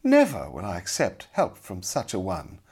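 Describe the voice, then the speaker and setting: A man's voice: expressive, a little fast, gravelly, heavily acted. A man voicing a haughty young noblewoman in a storybook, speaking sharply and indignantly in a raised voice. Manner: sharp, indignant, high-pitched. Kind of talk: audiobook character voice.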